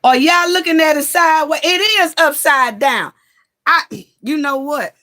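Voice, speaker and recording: Woman host, slow and easygoing, greets her viewers by name. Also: high-pitched, sharp tone. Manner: chatty, greets viewers by name, fiddles with phone setup. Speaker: livestream host. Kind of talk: casual livestream chat. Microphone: phone.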